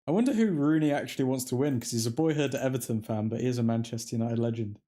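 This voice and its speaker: A man's voice: medium pitch, quick pace, warm tone. A man hosting a live football watchalong, reacting to the play as it happens and chatting with his viewers. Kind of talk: live match commentary and fan chat.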